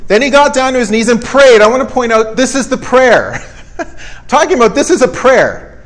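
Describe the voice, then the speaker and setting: High-voiced emphatic male preacher. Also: very animated, normal speed. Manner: emphatic, repetitive, folksy asides. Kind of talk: conversational sermon.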